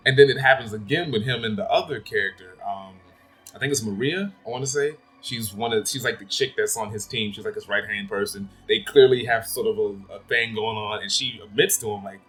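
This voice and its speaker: Dude ranting through a movie review, kinda low voice, blunt and swears a lot. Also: male voice, fairly quick, a bit bright, faint music behind. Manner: rambling, blunt, swears freely. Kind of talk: casual spoken film review.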